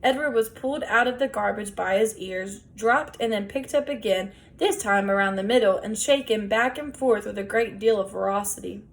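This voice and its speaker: A woman reading a children's novel aloud in a gentle, measured storytelling voice. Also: medium pitch. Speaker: audiobook reader.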